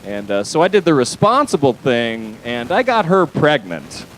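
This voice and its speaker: A man's voice: mid-range voice, big pitch swings, normal speed, slight background noise, poor audio. Rambling young man doing stand-up. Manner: loose, rambling delivery with frequent fillers and crude asides. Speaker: stand-up comedian. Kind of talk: stand-up comedy set. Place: comedy club stage.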